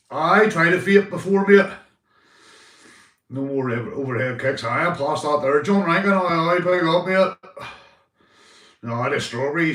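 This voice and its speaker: Northern Irish male streamer, chatty and profane, mid pitch, roomy sound from a distance. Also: a bit bright. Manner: rambling, swearing, calls viewers mate. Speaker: livestreamer. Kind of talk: casual live stream chat.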